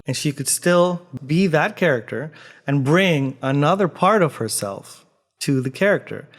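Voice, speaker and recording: A man from Canada, a theatre actor, talking earnestly in a reflective vlog and posing many rhetorical questions. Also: medium pitch. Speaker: theatre actor and video host.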